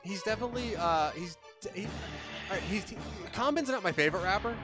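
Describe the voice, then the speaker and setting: A young man hosting a casual gaming stream, quick to laugh and swear as he riffs on jokes. His voice sits high and swoops around a lot, with the game's music playing loudly underneath. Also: expressive. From New Jersey. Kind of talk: casual gaming livestream banter. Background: game music.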